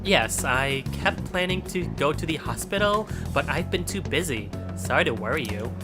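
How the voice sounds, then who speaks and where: A polite young female student, voiced by a man speaking in a breezy Valley Girl accent. Her lines are soft, apologetic and unhurried, with a slightly lifted pitch. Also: lively intonation, music in the background.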